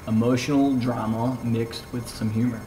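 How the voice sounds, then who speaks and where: A woman's voice: extremely low pitch, steady tone, moderate pace, noisy background. A young woman vlogging at home, chatting casually and playfully teasing as she prompts her partner to tell a story. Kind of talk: casual chat.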